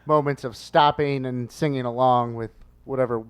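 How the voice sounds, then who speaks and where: A man's voice: medium pitch, steady tone, moderate pace, a crowd in the background. Casual male podcast host running a game. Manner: runs the game, reads out scores and calls on players.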